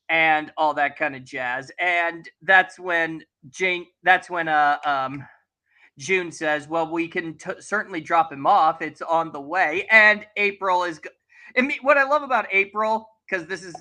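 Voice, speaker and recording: High-voiced man animatedly retelling an anime. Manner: animated retelling, acts out characters' lines. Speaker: podcast host. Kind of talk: casual anime review chat.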